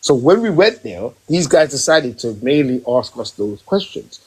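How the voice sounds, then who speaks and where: A man hosting a podcast live stream from home, ranting emphatically in casual chat and rising in pitch when worked up. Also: big pitch swings, normal speed, breathy edge, poor audio. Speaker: podcast host. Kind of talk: heated casual rant.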